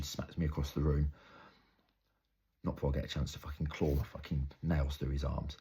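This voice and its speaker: A young man performing an intense, halting, improvised dramatic monologue. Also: very deep voice, level tone, darkish tone, husky. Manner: intense, halting, storytelling with heavy swearing. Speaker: actor.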